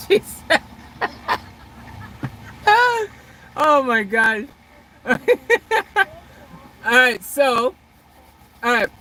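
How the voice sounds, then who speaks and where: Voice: medium pitch, animated, extremely slow, pauses often, bright, forceful tone, a little hiss or hum, low-quality recording. A vlogger chatting casually on a livestream outdoors beside a car, reading out viewer comments in a rambling, hesitant way full of restarts.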